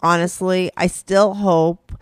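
A woman's voice: on the low side, little pitch movement, slow pace, clear, resonant tone, no room sound, studio quality. Earnest woman host giving advice. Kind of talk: casual chat.

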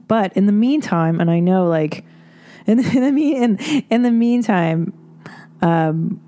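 A woman's voice: mid-range voice, animated, unhurried, mellow. A woman hosting an advice podcast, talking bluntly in a casual monologue, swearing freely and laughing between points. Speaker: podcast host giving advice.

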